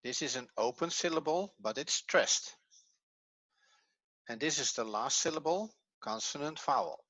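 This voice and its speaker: A middle-aged man teaching a grammar lesson, explaining slowly and step by step, a non-native English speaker whose first language is Dutch. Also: on the high side, animated, a bit bright, no echo, highs cut off. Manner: slow, methodical explaining step by step. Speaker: Hebrew teacher.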